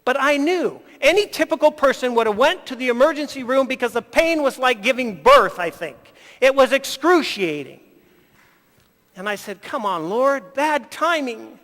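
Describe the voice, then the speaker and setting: Man, very high voice, folksy storyteller, health talk, hall reverb. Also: expressive, normal speed, a bit bright.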